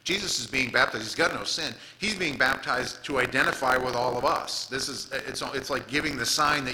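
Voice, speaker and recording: A man's voice: medium pitch, moderate pace, hardly any pauses, sharp tone, rough recording. A man preaching a conversational sermon, reading scripture aloud and retelling Bible stories in casual, everyday words. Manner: retells scripture casually, reads King James verses aloud. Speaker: pastor.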